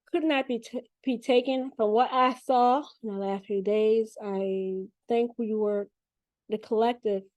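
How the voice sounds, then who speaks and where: Woman, spiritual reader, chatty, profane, mellow tone, dry close sound. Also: a little high, no room sound, muffled recording. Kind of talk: casual spiritual reading.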